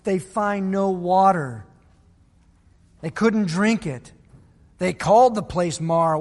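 A man's voice: high voice, takes it slowly, pauses often, a little mellow, in a large hall. A male pastor preaching a sermon, telling a Bible story and acting out the people's voices. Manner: storytelling, acts out biblical voices.

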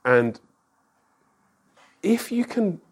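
Emphatic, lively male pastor teaching a class. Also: high-pitched, drawn-out words, slightly rough. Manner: emphatic, lively, explains with rhetorical questions. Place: classroom with a whiteboard.

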